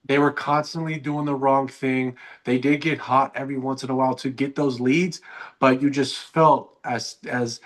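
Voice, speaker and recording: A man's voice: medium pitch, fairly even intonation, moderate pace. A young man co-hosting a casual sports podcast, rambling and often restarting his sentences. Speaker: podcast co-host.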